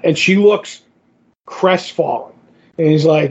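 A man co-hosting a podcast, casually retelling a comic story and quoting the characters in quick voices. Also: fairly high pitch, steady tone, gravelly, darkish tone, breathy edge, dull audio. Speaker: podcast co-host. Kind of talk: casual comic-book chat.

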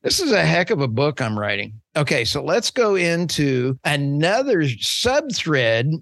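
A man's voice: fairly high pitch, big pitch swings, unhurried, a bit bright, no room sound, studio quality. A man co-hosting an energy news podcast, talking in a rambling way and getting worked up as he rants. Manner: rambling, fired-up ranting. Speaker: podcast co-host. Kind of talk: news commentary chat.

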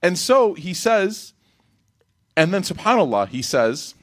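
A man giving an Islamic reminder talk in a lively, rhetorical way, breaking into quick Arabic recitation. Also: sits high. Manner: animated, rhetorical, acts out quotes. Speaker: religious speaker.

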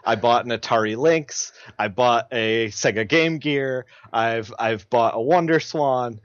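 A man's voice: medium pitch, unhurried, no echo. A man, a comic book colorist guest, telling rambling stories in casual podcast chat, laughing often and swearing casually. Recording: dry, dull lo-fi sound.

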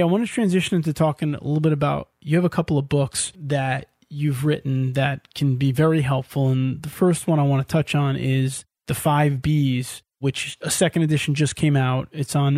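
A man hosting a podcast, asking questions and summarizing points in a clear, friendly way. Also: on the high side, warm tone, no echo, studio quality. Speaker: podcast host.

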